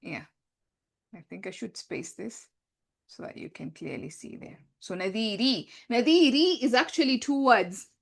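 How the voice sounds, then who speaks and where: A woman's voice: a little high, lively intonation, unhurried, gravelly. Self-correcting woman teaching grammar. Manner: repeats points, often corrects herself mid-sentence. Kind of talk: explanatory classroom lesson.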